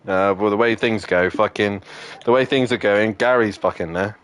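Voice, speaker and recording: A young man streams a racing game while casually chatting with friends, cursing nonstop and ranting in exasperation. His voice is lowish, clear and resonant, at a moderate pace.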